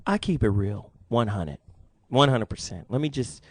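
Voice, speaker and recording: A man's voice: medium pitch, normal speed, dry recording. A man in his forties hosting a radio talk show, telling a story with lots of laughter. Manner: animated storyteller, laughs often.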